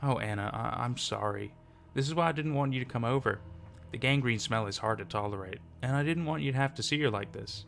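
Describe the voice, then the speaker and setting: A man reading the lines of a defensive, scolding middle-aged mother, with a gravelly voice. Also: mid-range voice, fairly quick, fairly bright tone, slight background noise.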